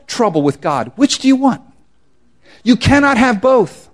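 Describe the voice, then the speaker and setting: A male pastor delivering a sermon in a relaxed, conversational way, with casual slang. His voice sits fairly high and moves a great deal, dropping to near whispers before rising again for emphasis. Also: moderate pace. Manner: animated, swings from hushed to loud emphasis.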